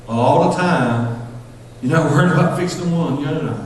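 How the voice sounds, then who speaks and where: Southern preacher guy talking fast, kinda high voice, big echoey church, sounds far from the mic. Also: a little mellow, slight background noise. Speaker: pastor. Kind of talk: sermon. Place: church sanctuary.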